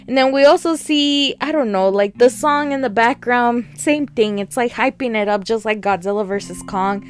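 A woman reviewing new shows in a casual, chatty way, excitable and full of fillers. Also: mid-range voice. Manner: chatty and excitable, many fillers, laughs while talking. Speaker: podcast host reviewing shows.

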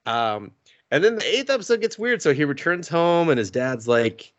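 A man's voice: a little high, big pitch swings, normal speed, fairly bright tone, no room sound, muffled recording. A man co-hosting a podcast, recapping anime episodes in a loose, rambling way with lots of fillers and casual swearing. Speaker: podcast co-host.

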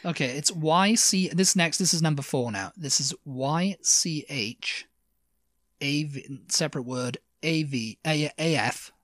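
A woman's voice: sits low, dry recording, clean studio sound. A woman co-hosting a podcast, chatting playfully and drawing out words as she teaches them. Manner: playful, drawn-out pronunciations. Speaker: podcast co-host. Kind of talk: casual chat teaching words.

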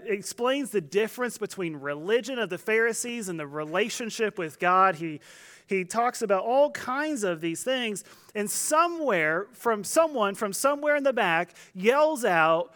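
A man's voice: high voice, fairly bright tone. A man, a pastor, preaching a conversational sermon, joking and acting out voices from the crowd.

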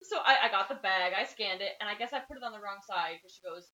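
A woman's voice: mid-range voice, quick pace, pushed and bright. A young woman co-hosting a podcast, telling awkward stories about herself in casual chat. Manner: storytelling, self-mocking, laughing. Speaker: podcast co-host. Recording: slightly muffled lo-fi recording.

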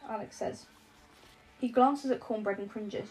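Woman reading an audiobook, warm and mellow. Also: fairly high pitch, measured pace, pauses often, poor audio. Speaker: audiobook narrator. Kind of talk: scripted narration.

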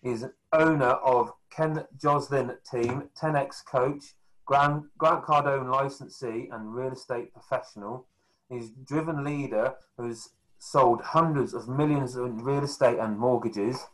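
A man's voice: medium pitch, fairly even intonation, a little slow, rough recording. A man hosting a podcast interview, reading out his guest's introduction in a friendly way. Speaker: podcast host.

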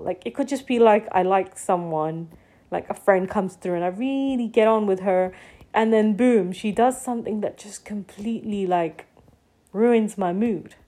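A woman's voice: mid-range voice, dark tone. A young woman vlogging in a casual, confessional monologue, rambling and full of fillers like "like" and "you know.".

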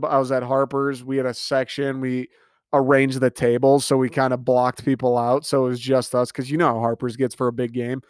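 A man's voice: medium pitch, clear, resonant tone, no room sound, clean studio sound. A man in his twenties in a casual monologue, ranting and swearing about a loss. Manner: animated, rants and swears.

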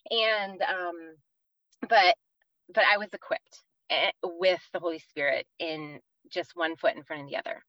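A woman's voice: lowish voice, steady tone, measured pace, dry recording, dull audio. A woman from the East Coast of the United States, in her thirties, telling an earnest personal faith story as a podcast guest, with many fillers.

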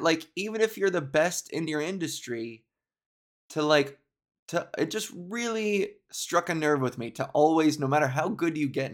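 A man, a comedian, rambling through a casual solo podcast monologue in a jokey, self-deprecating way. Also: fairly high pitch.

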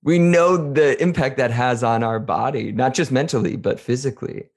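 A man hosting a podcast in casual chat, relaxed and conversational as he reads out listener questions. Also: mid-range voice, normal speed. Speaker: podcast host.

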